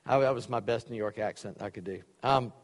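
A man's voice: medium pitch, brisk, creaky. Preacher man in an echoing hall. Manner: folksy, joking asides between reading. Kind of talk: sermon with scripture reading. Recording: long reverb of a large hall.

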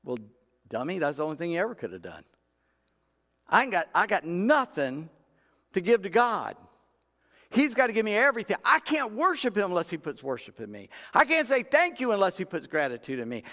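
A man's voice: high voice, big pitch swings, moderate pace, sharp tone. A man preaching a sermon in a folksy, conversational way, acting out Bible characters in everyday talk. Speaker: pastor. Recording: long reverb of a large room.

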